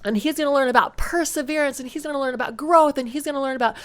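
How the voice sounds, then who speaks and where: A woman voicing a joyful, kind male angel who explains things in an excited, reassuring way. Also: high voice, racing, voice pushed up, close to an everyday voice.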